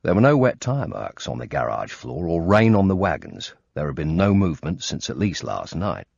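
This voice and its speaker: A man reading a first-person thriller audiobook in a tense, measured way. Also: sits low, gravelly, husky, no echo. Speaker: audiobook narrator. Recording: dull lo-fi recording.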